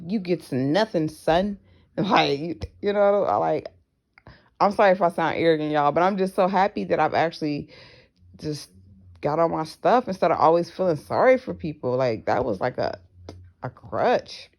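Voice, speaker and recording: A woman's voice: sits low, a little mellow. A woman talking frankly to her viewers in a casual vlog, blunt and profane, with slangy asides. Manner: acts out other people's voices in her stories. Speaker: vlogger. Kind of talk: casual personal vlog monologue.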